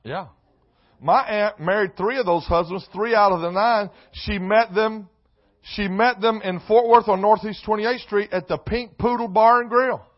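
A man preaching a sermon in a church, mixing loud emphatic lines with comic asides. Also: sits high, moderate pace, dull audio. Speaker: pastor. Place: church sanctuary.

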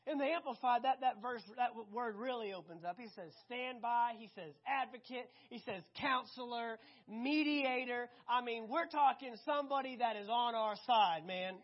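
A woman preaching a sermon, animated and conversational, often asking the congregation questions. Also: fairly high pitch, moderate pace, few pauses, highs cut off.

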